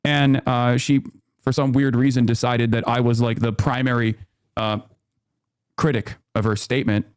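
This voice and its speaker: A man's voice: mid-range voice, flat delivery, moderate pace, smooth, dry recording. A man with a mid-range voice talks through a casual discussion and keeps hesitating and restarting. The sound is dry and close, with no room around it. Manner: hesitant, many fillers and restarts. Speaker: commentator in a played clip.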